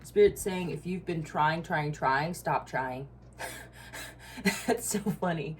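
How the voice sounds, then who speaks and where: A woman's voice: low-pitched, measured pace. A woman giving a casual tarot reading, blunt and profane, with frequent asides and laughs. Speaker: tarot reader.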